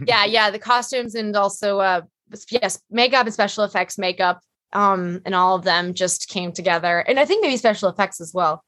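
A woman guest on a podcast, an actress chatting casually in a rambling, animated way with lots of fillers. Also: medium pitch, normal speed, no room sound. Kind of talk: casual chat.

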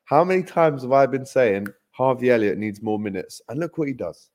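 A young man co-hosting a podcast, chatting casually and upbeat about football with quick, bantering asides. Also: mid-range voice, animated, darkish tone. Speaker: podcast co-host.

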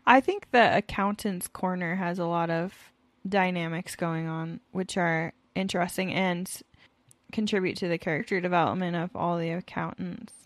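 A woman's voice: fairly low pitch, steady tone, normal speed, no room sound. A woman co-hosting a casual chat podcast, agreeable with short replies and thoughtful remarks. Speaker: podcast co-host.

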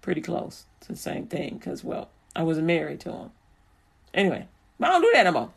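A woman preaching informally and quoting scripture in an animated, plain-spoken, laughing manner. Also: fairly low pitch, a little fast, vocal fry, breathy edge.

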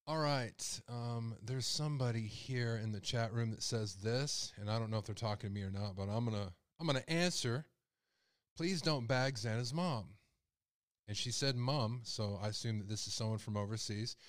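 A man's voice: lowish voice, brisk, few pauses, dry recording, clean studio sound. A man hosting a live call-in show, speaking with raw emotion and his voice rising when he is upset. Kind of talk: live-stream commentary.

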